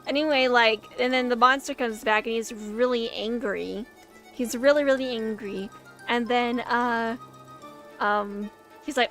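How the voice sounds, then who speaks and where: A young woman casually chatting while reacting to a silent film, rambling excitedly and filling her talk with "like". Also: on the high side, measured pace, soft background music. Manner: rambling and excitable, heavy use of "like".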